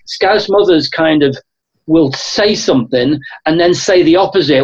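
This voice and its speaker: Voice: medium pitch, unhurried, breathy edge, highs cut off. A guest speaker with a Liverpool accent, working as a motivational coach, talking in a rambling way with lots of restarts. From Liverpool, England. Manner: rambling, restarts phrases, animated storytelling. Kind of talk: casual interview chat.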